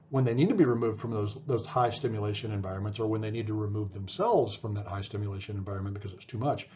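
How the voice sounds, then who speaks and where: A man's voice: mid-range voice, warm tone, muffled recording. A man giving a conversational psychology lecture, explaining with everyday examples and often checking in with "right?". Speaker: psychology instructor.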